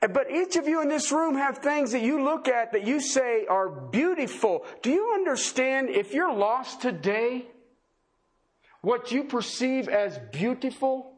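A man's voice: very high-pitched, slightly rough. A pastor preaching an impassioned sermon, driving his points home with repeated, emphatic questions to his congregation. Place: church service before a congregation.

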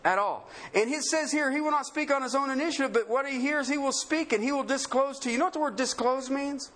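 A man preaching a sermon, asking rhetorical questions and swinging between emphatic highs and low murmurs, laughing often. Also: fast, a bit bright.

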